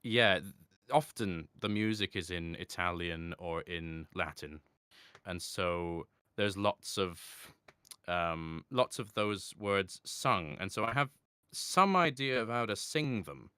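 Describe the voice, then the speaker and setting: A man's voice: sits low, lively intonation, pushed and bright, clean tone, no room sound, studio quality. A man being interviewed in casual chat, talking thoughtfully with many restarts and light laughs. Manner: halting, thoughtful, with frequent restarts. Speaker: interview guest.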